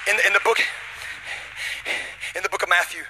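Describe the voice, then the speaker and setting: A young man preaching a sermon, telling a comic story with shouted punchlines and then dropping to a hushed, intimate tone. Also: high voice, steady tone, normal speed, background noise. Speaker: pastor.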